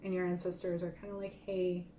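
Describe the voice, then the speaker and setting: A woman giving a gentle pick-a-card tarot reading who gets openly emotional and laughs softly. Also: fairly low pitch, completely flat delivery, fairly quick, a little hiss or hum. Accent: Michif-speaking Métis greeting and French sign-off. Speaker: tarot reader. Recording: echoey room with faint ambience.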